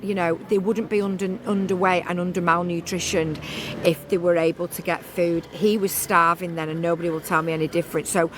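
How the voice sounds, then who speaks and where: A woman's voice: fairly low pitch, flat delivery, fairly quick, background noise. A woman vlogging casually outdoors on a beach, talking in a rambling, chatty way with many restarts.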